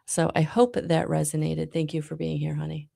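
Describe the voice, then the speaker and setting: Low, creaky-voiced woman reading tarot. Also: monotone, fairly quick. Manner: soft, spiritual, emotional, with many ums. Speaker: tarot reader.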